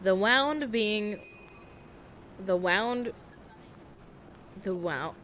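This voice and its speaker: Bright, animated American woman streamer. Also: medium pitch, very slow, a little hiss or hum. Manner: animated, laughs often, jokey. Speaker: streamer reading a visual novel. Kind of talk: reading game narration aloud and chatting.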